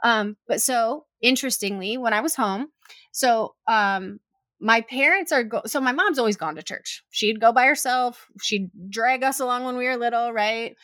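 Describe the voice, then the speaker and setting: A woman's voice: fairly high pitch, normal speed, a bit bright, no room sound, studio quality. A young adult woman telling a personal story in casual chat, with lots of "like" fillers and acted-out quotes.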